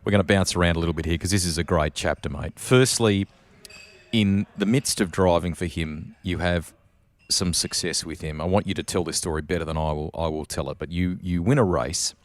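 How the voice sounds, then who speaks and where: A man's voice: deep voice, a little fast. A man hosting a podcast, prompting his guest's stories with eager interjections and a friendly "mate". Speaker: podcast host. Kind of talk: casual interview.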